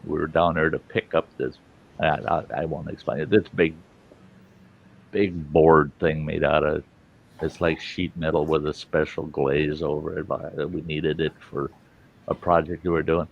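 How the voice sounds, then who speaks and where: A man's voice: extremely low pitch, flat delivery, moderate pace, creaky, husky, dull audio. A man telling a rambling, profane anecdote in a casual, chuckling way, as the host of a storytelling show.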